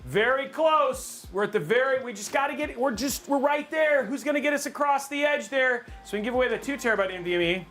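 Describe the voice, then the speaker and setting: A man hosting a casual livestream, rambling and excitable, joking about himself. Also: extremely high pitch, a little fast, few pauses, soft background music. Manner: excitable, rambling, self-mocking. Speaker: livestream host.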